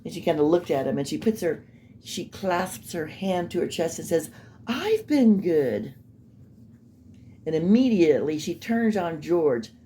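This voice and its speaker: Woman, low and mellow voice, skeptical casual true-crime commentator. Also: moderate pace, slight background noise. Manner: skeptical, rambling, mocking asides.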